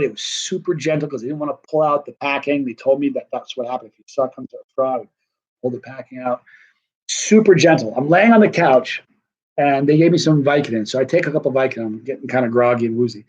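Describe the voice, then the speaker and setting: A man's voice: mid-range voice, fast. A middle-aged man telling a personal story in a rambling, conversational way with many fillers. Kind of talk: casual storytelling. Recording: dull lo-fi recording.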